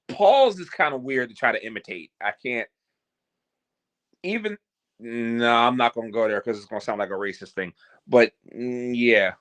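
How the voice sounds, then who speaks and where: A man hosting his own vlog, rambling and joking with theatrical announcer-style openings. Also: medium pitch. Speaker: host. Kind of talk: casual vlog chat.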